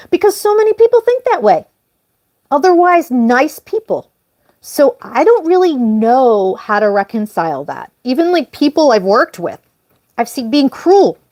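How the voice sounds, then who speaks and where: Woman streamer chatting casually and at length, apologizing often; fairly high voice, dry room. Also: dry recording. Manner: rambling and apologetic; animated, jumps up in pitch on emphasis. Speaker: livestream host. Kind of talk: casual live-stream chat.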